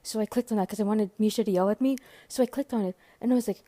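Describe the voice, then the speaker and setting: A woman from Maryland excitedly telling a story to camera, gushing, swearing, filling every pause with "like" and sometimes dropping to a hushed whisper. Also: medium pitch, no room sound. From Maryland, USA. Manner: gushing, swears often, heavy use of "like"; drops to hushed whispers at times.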